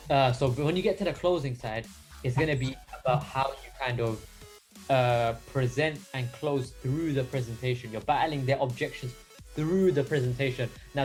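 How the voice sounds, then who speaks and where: An energetic young man coaches a sales team in a casual, loose way, leaning on lots of fillers as he talks. His voice sits at a middle pitch, and faint music runs behind him. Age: young adult. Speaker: sales mentor. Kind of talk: casual training talk.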